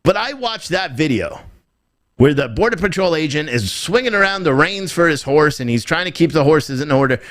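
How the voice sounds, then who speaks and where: A man's voice: fairly high pitch, lively intonation, moderate pace, fairly bright tone. Emphatic, rambling American commentator man. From United States. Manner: emphatic and repetitive, hammering points with rhetorical questions; rambling, with frequent restarts. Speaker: political commentator streaming live. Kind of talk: off-the-cuff commentary reacting to viewer chat.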